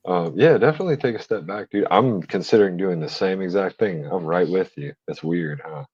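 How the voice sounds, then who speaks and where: Panel guest, man, very low and husky, laid-back and brotherly, muffled lo-fi line. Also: fairly quick, darkish tone. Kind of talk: casual advice chat.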